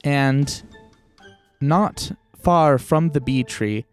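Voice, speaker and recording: A man narrating as game master in a tabletop role-playing podcast, with slow, descriptive delivery. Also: medium pitch, smooth, soft background music.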